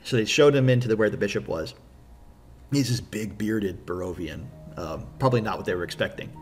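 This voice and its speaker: A man's voice: on the low side, fairly quick, slightly rough, soft background music. A man acting as a game master, casually recapping his tabletop campaign with enthusiasm and rambling fillers.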